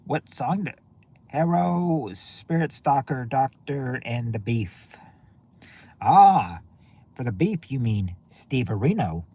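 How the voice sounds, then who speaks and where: A man of middling pitch hosting a relaxed game-night stream. He talks loosely to his viewers, trailing off and circling back mid-sentence. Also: a little slow, few pauses, breathy edge. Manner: rambling, many restarts and fillers. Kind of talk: casual chat with viewers.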